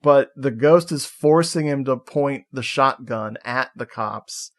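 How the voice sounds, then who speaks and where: A man with a mid-range voice chats through a film recap on a podcast. He speaks from a video call, loose and amused, tossing in quick quoted lines. His delivery is casual and full of little laughs. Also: medium pitch. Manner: relaxed, laughing, retelling scenes with quick put-on quotes. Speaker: podcast co-host. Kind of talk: casual movie recap chat.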